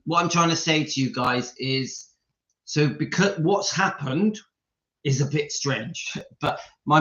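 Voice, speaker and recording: A man's voice: a little high, sharp tone, reverberant, dull audio. A middle-aged man hosting a casual live stream, chatty and openly emotional as he talks straight to his viewers.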